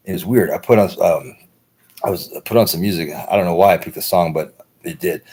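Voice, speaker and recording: A man's voice: low-pitched, brisk, darkish tone, slightly rough. An American man hosting a livestream, rambling loosely and swearing a lot, often checking in with "right?". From United States. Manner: loose, profane, repeats "right?". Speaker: livestream host. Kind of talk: rambling casual monologue.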